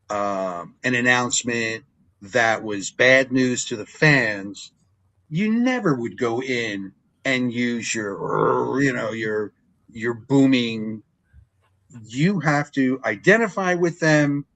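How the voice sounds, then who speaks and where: An older man, a longtime ring announcer, telling stories in a relaxed interview and acting out what people said. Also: slow pace, rough recording. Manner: animated storyteller, acts out quotes with big pitch jumps. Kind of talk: storytelling interview chat.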